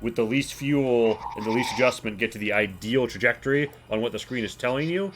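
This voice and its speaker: A man's voice: mid-range voice, fairly quick, noisy background. A man narrating as game master of a tabletop game, rambling with many fillers.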